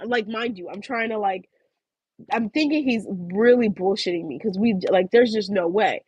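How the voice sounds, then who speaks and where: A woman's voice: mid-range voice, moderate pace, darkish tone, husky, dry recording. A young woman from Philadelphia hosting a tarot livestream, chatting casually and telling a story with lots of laughter. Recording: dull lo-fi stream audio.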